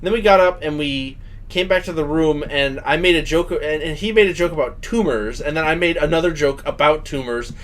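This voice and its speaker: A young man co-hosting a casual chat, animated and jokey, acting out little bits as he talks. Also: on the high side, fairly quick. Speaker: podcast co-host.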